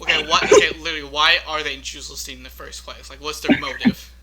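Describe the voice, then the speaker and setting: Man, casual podcast chat, fairly high voice, very bright tone, laughs and restarts a lot. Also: wildly swooping pitch, fast, vocal fry. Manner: laughing, rambling, stumbling restarts. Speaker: podcast co-host. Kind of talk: casual chat among friends.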